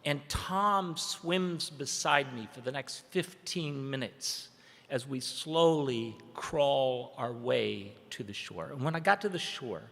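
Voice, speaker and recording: A man giving a dramatic personal storytelling speech at a training event. He tells it vividly, swinging between urgent, loud passages and hushed, slow ones. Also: mid-range voice, creaky. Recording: echoey hall with long reverb.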